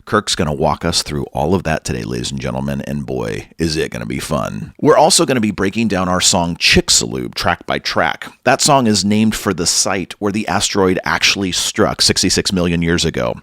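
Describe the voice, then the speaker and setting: Man, podcast host, casual chat, playful showman, fairly low voice, dry sound. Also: very animated, normal speed, hardly any pauses, fairly bright tone, no echo. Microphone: podcast microphone.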